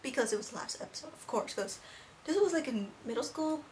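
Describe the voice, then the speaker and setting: A woman's voice: high-pitched, animated, fairly quick, slight background noise. A teenage girl casually reviewing a cartoon episode as a rambling, gushing fan. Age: teens. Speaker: video reviewer.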